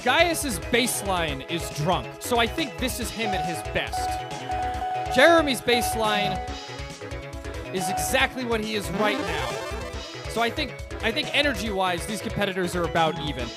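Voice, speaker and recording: A man calling a video game tournament as play-by-play commentator, excitable and shouting at the big moments. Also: high voice, normal speed. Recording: loud music and crowd behind.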